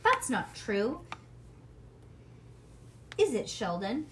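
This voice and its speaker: A woman voicing a bossy, excitable little girl who shows off her big house, in a high squealy voice. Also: extremely slow, noisy background, full character voice. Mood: excited.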